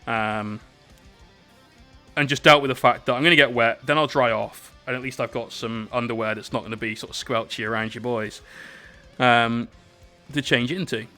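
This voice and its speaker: A man's voice: mid-range voice, steady tone, normal speed, sharp tone, faint music behind. A British man casually telling a rambling, swear-filled story while painting miniatures on stream.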